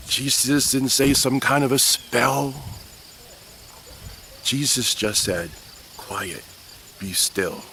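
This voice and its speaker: Man, Sunday school teacher, animated storytelling, crickets outside. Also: medium pitch, a little hiss or hum. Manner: animated, playful storyteller addressing kids. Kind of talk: children's Bible lesson. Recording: faint crickets outdoors.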